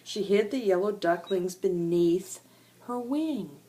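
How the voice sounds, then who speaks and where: An older woman, a grandmother, reading a children's animal storybook aloud to her grandchildren with an animated, sing-song manner. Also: mid-range voice, slow.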